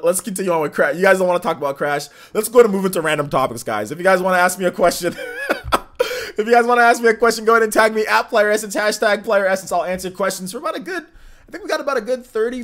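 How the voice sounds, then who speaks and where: A man's voice: high voice, a bit bright. A young man from California hosting a live stream, reading viewer comments aloud and chatting loosely with lots of fillers. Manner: rambling, filler-heavy, reads chat aloud. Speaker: streamer host.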